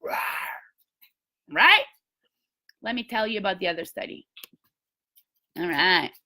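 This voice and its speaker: A woman's voice: medium pitch, very animated, unhurried, sharp tone. A woman giving an emphatic, blunt motivational talk to a sales team, with some mild swearing. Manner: emphatic, blunt, mildly profane pep talk.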